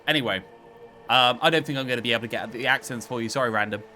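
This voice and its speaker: A man's voice: mid-range voice, rapid-fire, sharp tone, soft background music. A man casually commentating a video game playthrough, chatty and wry, reading dialogue aloud. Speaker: gaming channel host.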